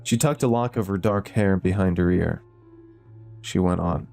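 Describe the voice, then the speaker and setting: Male storyteller, low and mellow, measured scripted horror reading. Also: creaky, faint music behind. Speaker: narrator.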